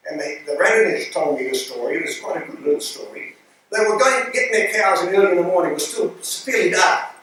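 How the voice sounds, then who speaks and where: An older man spins club anecdotes in a bright, high voice and slips into the broken English of the old-timers he quotes. He sounds far from the mic in a very echoey hall with faint room noise behind him. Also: fast. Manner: animated, mimics broken-English speech of the men he quotes. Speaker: club speaker telling stories. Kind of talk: anecdotal storytelling to an audience.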